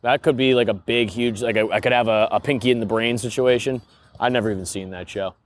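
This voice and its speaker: A man's voice: medium pitch, steady tone, fast, slight background noise. A young man hosting a podcast, rambling through a casual comedic monologue and laughing at his own stories. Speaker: podcast host.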